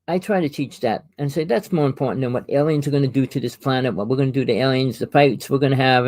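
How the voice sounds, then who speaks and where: A man hosting a casual talk about experiences, telling long rambling stories in an animated way. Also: medium pitch, dry recording. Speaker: host.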